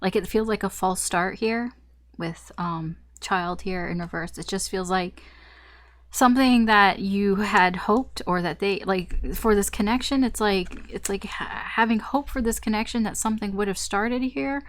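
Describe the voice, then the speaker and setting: A woman's voice: medium pitch, a little slow, dry recording. A woman tarot reader talking through a casual, rambling reading, often laughing at herself.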